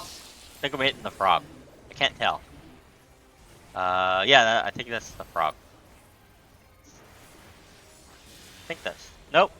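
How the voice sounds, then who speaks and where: A man's voice: on the low side, lively intonation, slow pace, long pauses, sharp tone. A man streaming a game live, playfully taunting enemies and chatting to viewers. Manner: playful, talks to enemies and chat.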